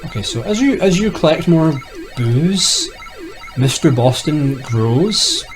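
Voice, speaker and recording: A young retro gaming YouTuber rambles and jokes while playing, often talking to himself in a casual way. His voice sits on the high side, sing-song and slow, and the audio quality is poor.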